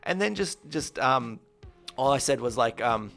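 A man telling stories in casual chat, animated, and loud when he acts out a quarrel. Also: medium pitch, unhurried, vocal fry.

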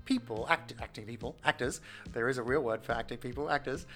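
A man's voice: medium pitch, fast, fairly bright tone, soft background music. A man, chatting casually and telling rambling stories full of fillers. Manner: rambling storyteller, lots of fillers. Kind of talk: casual chat.

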